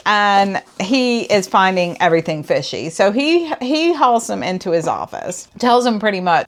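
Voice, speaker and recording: A woman's voice: mid-range voice, big pitch swings, normal speed, few pauses. Sarcastic woman reviewing a book. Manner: sarcastic, exasperated. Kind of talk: casual book review chat.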